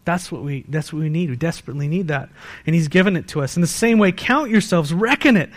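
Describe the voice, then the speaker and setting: High-voiced preaching pastor, surging and hushing. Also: male voice, lively intonation, fast talker. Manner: preaching with sharp swings from loud bursts to hushed emphasis; pleads with rhetorical questions to the congregation. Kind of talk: sermon. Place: church service.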